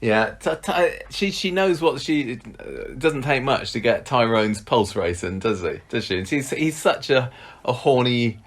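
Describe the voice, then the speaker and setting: A man's voice: mid-range voice, lively intonation, a little slow. A man co-hosting a podcast in casual chat, teasing and bantering playfully. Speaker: podcast co-host.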